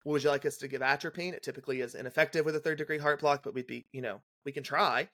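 A young adult man, a guest on a podcast, telling a detailed clinical story in a brisk, casual way and acting out the dialogue. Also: fairly high pitch, fairly even intonation, fairly bright tone. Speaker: guest, legal nurse consultant.

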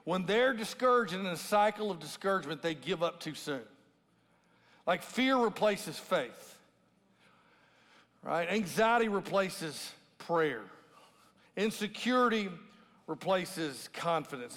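A man's voice: sits high, expressive, unhurried, pauses often, fairly bright tone. A man, a lead pastor, preaching a sermon in a conversational way, often asking "right?" and acting out scripture in a raised voice. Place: large church auditorium with a congregation. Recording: long hall reverb from a large room.

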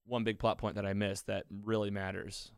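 Low-voiced man recapping a show excitedly. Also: normal speed, clear, resonant tone, no room sound, clean studio sound. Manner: excited retelling with acted-out quotes. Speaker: podcast host. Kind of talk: casual recap chat.

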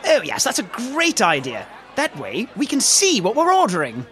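Woman as a snobbish diner, disdainful, dramatic, very animated pitch. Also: normal speed, some chatter behind, heavily acted. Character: snobbish adult female diner.

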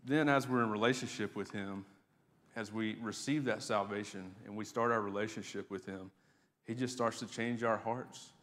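Male pastor, lowish voice, chatty preaching to the congregation, long church reverb. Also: steady tone, moderate pace, a bit bright. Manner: conversational preaching with fillers and repeated words. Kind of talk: sermon. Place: church sanctuary.

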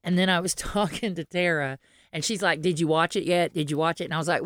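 A woman's voice: lowish voice, steady tone, fast, fairly bright tone, no echo. A woman, co-hosting a podcast in casual, rambling chat, laughing often and restarting her sentences. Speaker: podcast co-host.

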